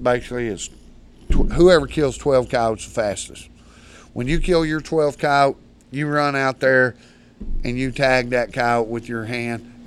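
A man's voice: mid-range voice, smooth. A man, a guest telling long hunting stories in a rambling, salty, colloquial way. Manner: rambling, profane, colloquial storyteller. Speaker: guest, predator hunter. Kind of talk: casual storytelling chat.

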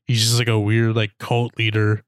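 A man's voice: lowish voice, completely flat delivery, normal speed. A man in casual chat reviewing a movie, rambling with lots of "like" and mock-quoting characters. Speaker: podcast co-host.

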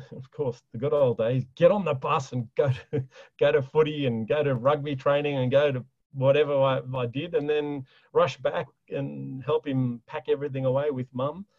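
A man's voice: medium pitch, fairly even intonation, normal speed, no echo, lo-fi sound. A middle-aged man, from Australia, talking enthusiastically about his family business as an interview guest. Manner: enthusiastic, chatty, frequent fillers and laughs. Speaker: guest, chocolate business owner. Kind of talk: casual interview talk.

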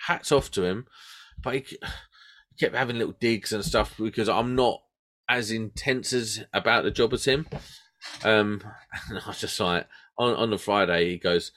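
A man's voice: fairly low pitch, animated, normal speed, long pauses, a bit bright. A man swaps stories with a co-host in easygoing chat. His voice swings up and down, and he laughs often. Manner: chatty storyteller, laughs often. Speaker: podcast co-host. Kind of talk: casual chat.

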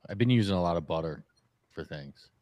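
A man with a low voice chats playfully and teases the others. His sound is dry and close, with no room around it. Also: lively intonation, fairly quick, no room sound, dull audio. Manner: playful, teasing. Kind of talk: casual chat.

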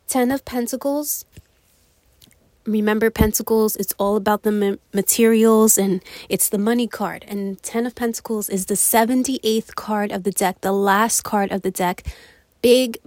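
A woman's voice: mid-range voice, a little mellow, no room sound. Chatty woman giving a tarot reading. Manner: chatty, with fillers like "you know" and "um". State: a little out of breath. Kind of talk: casual spoken tarot reading.

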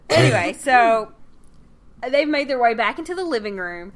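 A woman's voice: high voice, very animated, takes it slowly, long pauses. A woman co-hosting a casual podcast, chatting and laughing as she recaps a sitcom episode and acts out the characters' lines. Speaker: podcast co-host.

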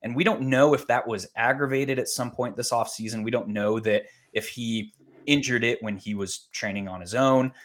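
A man co-hosting a fantasy football podcast, talking in a measured, analytical way with many pauses and ums. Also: mid-range voice. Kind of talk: casual sports analysis chat.

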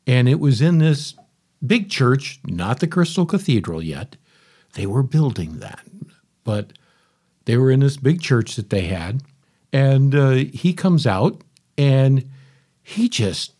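A middle-aged man with a slightly husky voice, telling a personal story as a podcast host and repeating key phrases. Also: medium pitch, darkish tone.

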